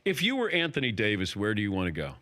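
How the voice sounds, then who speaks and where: A man hosting a casual interview, firing quick questions and laughing often. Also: on the low side, wildly swooping pitch, pushed and bright. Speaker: host.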